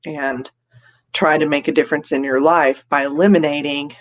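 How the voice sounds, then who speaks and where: A woman's voice: deep voice, fairly even intonation, moderate pace, highs cut off. A woman hosts a casual live stream and chats in a loose, rambling way. She reads out viewer comments and greets people by name. Giggles come often between her remarks.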